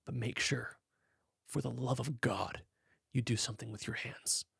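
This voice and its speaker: A man putting on a soft, low whispered voice as a wedding videographer coaching a groom, in whispered role-play. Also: steady tone, normal speed, gravelly, slightly rough, no room sound, clean studio sound, heavily acted. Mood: hushed coaxing.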